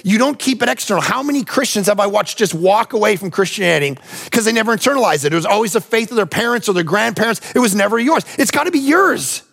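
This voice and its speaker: A male pastor with a notably high voice and a gravelly, frayed edge to it. He preaches in a conversational way, weaving personal stories into his sermon and pressing his point with direct appeals to the congregation. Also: quick pace, fairly bright tone. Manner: conversational, emphatic, often addresses listeners directly.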